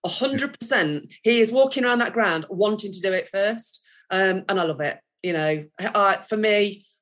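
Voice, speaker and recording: A woman's voice: mid-range voice, moderate pace, fairly bright tone. A woman chatting on a football podcast, enthusiastic and rambling. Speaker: podcast co-host. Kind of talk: casual football podcast chat.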